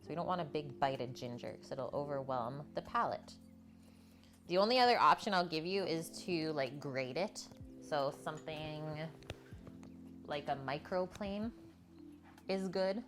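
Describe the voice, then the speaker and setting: A woman's voice: low-pitched, lively intonation, a little slow, long pauses, over music. A woman hosting a live cooking stream from her home kitchen, chatting with viewers and reading their comments aloud between steps. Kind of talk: live cooking demonstration with chat replies.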